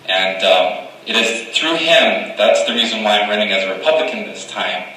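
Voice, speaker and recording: A man's voice: fairly low pitch, animated, moderate pace, bright, forceful tone. A man from Guam giving an earnest, oratorical campaign speech at a forum in a hall, heard from far off. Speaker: political candidate. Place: hall at a community college forum.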